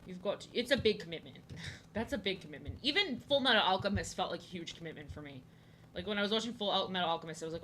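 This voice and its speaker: A woman's voice: fairly low pitch, animated, quick pace, fairly bright tone, a little hiss or hum. A young woman streaming from home, rambling and joking as she draws, often repeating herself. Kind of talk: casual chat while drawing. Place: home, indoors.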